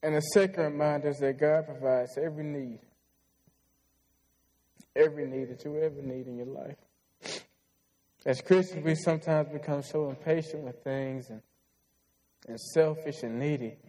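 A man's voice: on the high side, steady tone, normal speed, long pauses, dark tone, poor audio. A man in his twenties preaching a sermon, telling a heartfelt personal story in an earnest way. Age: 20s.

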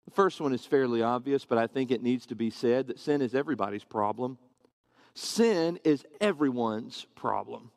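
A man's voice: on the high side, no room sound, clean studio sound. A man preaching a sermon to his congregation, earnest and conversational, often asking rhetorical questions.

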